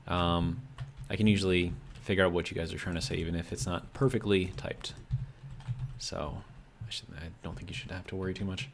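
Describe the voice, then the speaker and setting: A man's voice: low voice, fairly bright tone, slight background noise. An American man chatting casually on a live stream, rambling with lots of fillers while he reads out chat messages. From United States.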